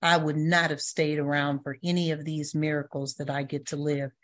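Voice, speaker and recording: A woman's voice: low-pitched, little pitch movement, moderate pace. An older woman giving a personal testimony talk at a recovery meeting, telling stories and acting out the voices in them. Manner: storytelling, acts out quoted voices, laughs.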